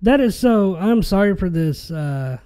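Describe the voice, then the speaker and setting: High-pitched man ranting on a podcast. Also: lively intonation, unhurried, dark tone, clean tone. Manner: exasperated, ranting. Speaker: podcast host. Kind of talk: casual podcast rant.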